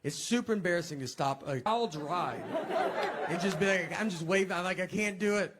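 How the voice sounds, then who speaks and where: A middle-aged man spins comic stories in a deadpan, self-deprecating way, chuckling at his own lines. His voice sits a little high for a man. A steady hiss of noise runs under the recording. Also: normal speed. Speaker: comedian. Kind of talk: casual comic storytelling. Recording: noisy background hiss.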